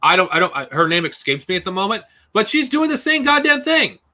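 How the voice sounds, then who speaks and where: A man's voice: sits high, big pitch swings, brisk, bright, forceful tone. A man ranting angrily and profanely on a live stream. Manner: angry profane ranting, mocking put-on whines.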